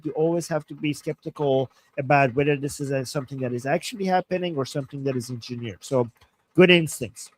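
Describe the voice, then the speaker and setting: A man co-hosting a live political stream, weighing ideas carefully and reading viewer messages aloud. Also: on the high side. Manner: thoughtful, hedging, reads messages aloud. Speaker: co-host reading viewer super chats.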